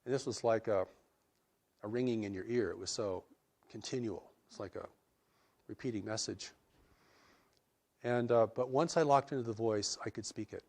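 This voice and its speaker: Male interviewee, low-pitched, earnest and measured, reflective delivery. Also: a little mellow. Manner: earnest, measured, with frequent restarts. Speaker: interviewee describing spiritual revelations.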